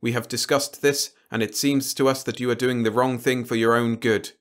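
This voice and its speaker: A man's voice: medium pitch, pitched above the performer's own voice, lightly acted. A man voicing an emotionless robot leader. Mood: cold, formal. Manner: flat, measured, polite.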